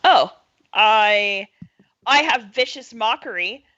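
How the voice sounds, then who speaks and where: A woman's voice: on the high side, animated, slow pace, sharp tone, no echo, highs cut off. A woman playing a tabletop game, dry and playful, reading rules aloud. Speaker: player.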